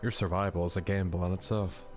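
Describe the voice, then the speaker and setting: A man voicing a sly male grim reaper, playful and menacing, in a smooth, teasing way over a visual novel. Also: low-pitched, flat delivery, fast talker, soft background music, lightly acted. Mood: teasing menace.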